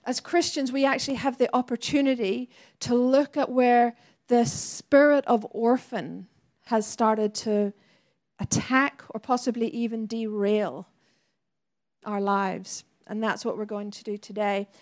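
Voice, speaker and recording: A woman's voice: on the high side, steady tone, measured pace, a little mellow. A woman preacher delivering a sermon in an earnest, conversational way with laughing asides.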